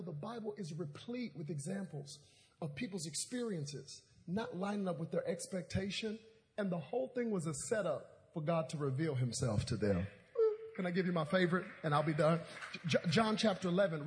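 A male pastor in his thirties preaching a sermon in a church auditorium, telling comedic stories with call-and-response. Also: high-pitched.

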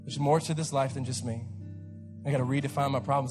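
A man preaching a fervent sermon, repeating refrains and climbing to shouts. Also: medium pitch, fairly quick, big-room sound, music in the background. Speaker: pastor.

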